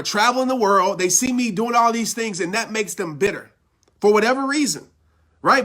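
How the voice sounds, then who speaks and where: A man's voice: very high-pitched, a bit bright. A man giving an impassioned motivational talk, fired up and preachy, hammering home his points by repeating phrases. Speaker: motivational speaker.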